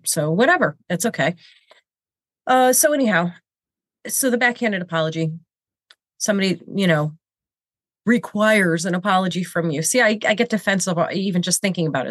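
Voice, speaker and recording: A woman's voice: on the low side, no room sound. Congested, self-mocking woman in her fifties. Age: 50s. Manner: candid, self-deprecating, rambling with many restarts. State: congested from a cold. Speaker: host. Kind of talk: casual confessional chat. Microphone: video camera.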